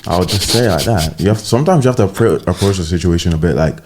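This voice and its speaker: A young man talks with a very deep voice that still moves around a lot in pitch. He is laid-back on this casual late-night podcast, laughing easily and playing devil's advocate. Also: expressive, very fast, background noise. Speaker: podcast co-host.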